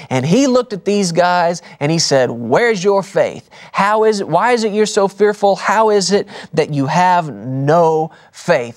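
A man preaching a broadcast sermon, stressing points by repeating words and dropping his voice soft for key lines. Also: sits high.

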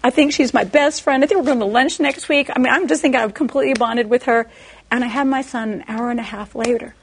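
A woman preaching a sermon, telling a personal story in an animated way and acting out the voices of the people in it. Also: quick pace, slightly rough. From Texas, USA. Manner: animated storytelling, acting out quoted voices with big pitch jumps.

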